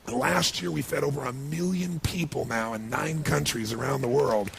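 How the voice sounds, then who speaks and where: A middle-aged man giving a motivational speech, telling a personal story in an animated, emotional way. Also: medium pitch, moderate pace, creaky, a little hiss or hum. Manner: animated, emotional storytelling with rising bursts of intensity. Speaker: motivational speaker.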